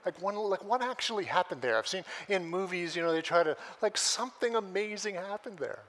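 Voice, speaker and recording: A man with a slightly high, bright voice preaches a sermon. He tells the story with animated energy and acts out the voices he quotes as he goes. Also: fairly quick, slight background noise. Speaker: pastor.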